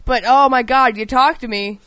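A woman's voice: sits high, normal speed, pushed and bright, clean tone, dry recording. A woman co-hosting a podcast in casual chat, laid-back, swearing now and then. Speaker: podcast co-host.

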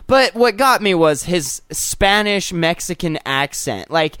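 A man's voice: high voice, lively intonation, takes it slowly, fairly bright tone, clean tone, dry recording, clean studio sound. A man co-hosting a podcast, ranting profanely in casual chat and mocking people in put-on voices. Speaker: podcast co-host.

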